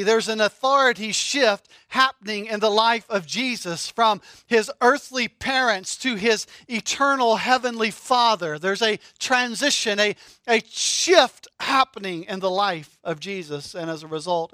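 A middle-aged man preaching a sermon, animated and humorous, asking rhetorical questions. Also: sits high, unhurried, dry recording, studio quality. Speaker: pastor.

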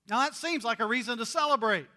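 Guy preaching a casual sermon, high bright voice, jokey and chatty, reads scripture. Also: quick pace, long reverb tail. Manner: conversational, joking, animated Bible reading. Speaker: pastor.

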